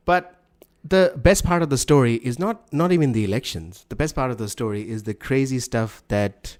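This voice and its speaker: A man co-hosting a casual podcast chat, rambling and halting with frequent restarts. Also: medium pitch, a little mellow. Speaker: podcast co-host.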